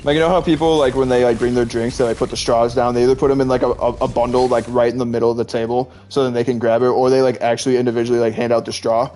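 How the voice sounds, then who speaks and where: A man's voice: medium pitch, level tone, racing, few pauses, darkish tone, slight background noise. A man streaming live, chatting casually and rambling with lots of "like" and frequent laughter while he plays a game. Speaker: Twitch streamer. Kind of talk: casual chat while gaming.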